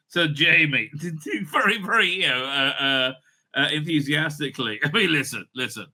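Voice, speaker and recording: Bright, animated man ranting with laughs. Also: a little high, moderate pace. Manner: loose and rambling, laughs often, profane. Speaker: online show host. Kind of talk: casual ranting commentary.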